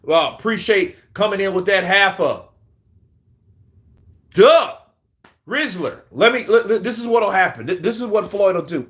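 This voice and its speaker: A man hosts a boxing commentary stream, responding to chat. His voice is bright and somewhat high, with lively swings in pitch. He swears freely and laughs often. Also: a little slow, pauses often. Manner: profane, animated, laughing often. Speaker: boxing channel host. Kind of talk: casual livestream commentary reading chat.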